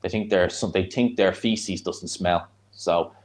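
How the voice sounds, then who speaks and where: A man's voice: deep voice, steady tone, a little slow. A man with a Dublin Irish accent giving casual live commentary on a fight and chatting with viewers in a blunt, rambling way. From Ireland. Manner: chatty, blunt, answers chat between fight reactions. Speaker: streamer hosting a live watch-along.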